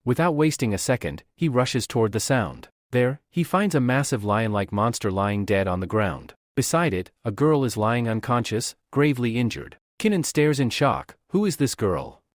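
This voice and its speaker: Brief: a male narrator for a comic recap, with a lively, varied pitch and a dry, close sound. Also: moderate pace, hardly any pauses, no room sound.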